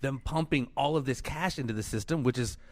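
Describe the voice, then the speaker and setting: A man hosting a podcast, asking quick, probing questions. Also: medium pitch. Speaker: podcast host. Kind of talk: casual podcast conversation.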